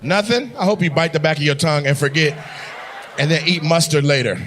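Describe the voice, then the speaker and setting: A male stand-up comedian doing loud, teasing crowd work, often laughing as he talks. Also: fairly high pitch, a little fast, slight background noise.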